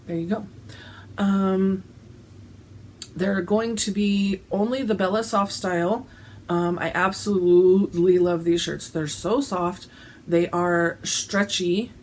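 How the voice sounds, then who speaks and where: A woman's voice: mid-range voice, slight background noise, low-quality recording. A woman chatting casually to camera about her shirts, giggly, with plenty of ums and restarts. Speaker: cross-stitch vlogger selling shirts.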